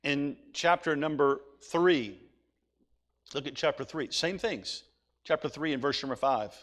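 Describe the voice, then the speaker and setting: A man's voice: on the high side, unhurried, a bit bright. A male pastor preaching a sermon, reading scripture aloud and then urging his listeners with rising intensity.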